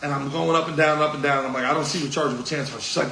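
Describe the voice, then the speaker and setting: A man, a comedian, telling an animated road story and acting out the people in it. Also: fairly high pitch, very fast, creaky, hardly any pauses, echoey room, crowd noise, rough recording. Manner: animated, acts out other voices in the story.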